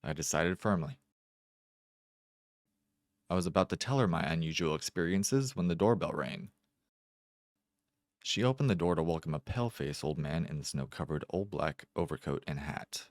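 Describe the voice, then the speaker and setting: An amateur narrator with a very deep voice reads a first-person short story at a measured, deliberate pace, pausing carefully. The recording is close and dry, with no room sound.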